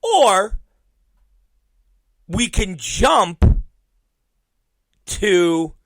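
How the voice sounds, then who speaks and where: A man's voice: on the high side, expressive, a little slow, pushed and bright, dry recording, clean studio sound. Profane rambling male podcast host. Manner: profane, rambling, laughs at his own stories. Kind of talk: casual storytelling monologue.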